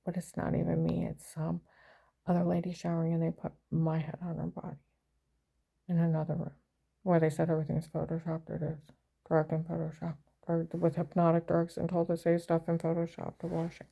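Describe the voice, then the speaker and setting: Gravelly-voiced older woman. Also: sits low, completely flat delivery, brisk, dull audio. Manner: rambling, aggrieved storytelling. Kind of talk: casual monologue.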